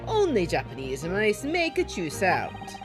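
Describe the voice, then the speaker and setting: A woman voicing a pompous male gentleman detective who speaks grandly, reading game dialogue. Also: mid-range voice, huge pitch swings, a little slow, music in the background. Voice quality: grandiose, theatrical.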